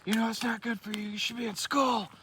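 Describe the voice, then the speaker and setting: A man's voice: very high voice, flat delivery, quick pace, bright, forceful tone, a little hiss or hum, voice pushed up. A man voicing a grumpy old male neighbor who scolds kids in a preachy tone. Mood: scolding.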